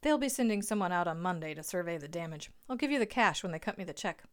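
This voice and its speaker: A man's voice: sits high, expressive, fast talker, fairly bright tone. A blunt, crude older father, as a woman narrator puts him on in a storybook. He talks business plainly and brags, voice lifted a little above her own. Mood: scheming.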